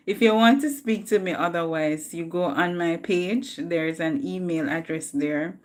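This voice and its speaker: A woman's voice: on the low side, steady tone, slow. A woman with a Jamaican accent chatting casually with viewers on a live stream, talkative and laughing often. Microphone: phone.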